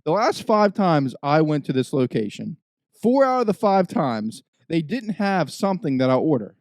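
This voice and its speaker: Young man ranting, lively high voice. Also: normal speed, no room sound. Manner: profane ranting storyteller, swings between mutters and outbursts. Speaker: podcast host. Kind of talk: casual chat.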